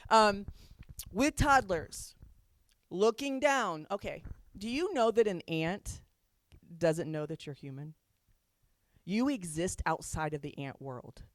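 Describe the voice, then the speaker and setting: A woman's voice: fairly low pitch, no echo, studio quality. A woman counselor giving a chatty talk on parenting to an audience, laughing often as she makes her points.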